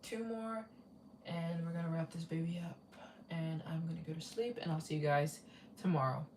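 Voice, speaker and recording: A woman's voice: deep voice, moderate pace, a little mellow, distant mic, a little hiss or hum. Rambling woman live-streaming from a roomy space. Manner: rambling, repeats herself, reads out donations. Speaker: travel vlogger hosting a fundraiser live stream. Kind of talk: casual live-stream chat.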